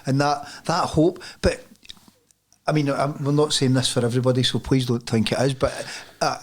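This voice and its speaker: A man's voice: mid-range voice, fairly even intonation, normal speed. A man in his forties from Scotland, hosting a podcast interview, chatty and joking with his guest. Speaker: podcast host. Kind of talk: conversational interview.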